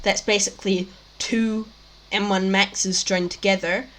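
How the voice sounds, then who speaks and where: A woman's voice: medium pitch, fairly even intonation, a little slow, fairly bright tone. A young woman hosting a casual tech news chat, rambling with many fillers and restarts, her mouth a bit dry. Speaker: tech show host.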